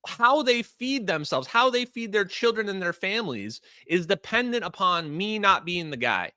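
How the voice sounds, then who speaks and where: A man's voice: sits high, big pitch swings, moderate pace, pushed and bright, clear, resonant tone, no echo. A man hosting a livestream, delivering heated, emphatic commentary full of rhetorical questions. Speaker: livestream host.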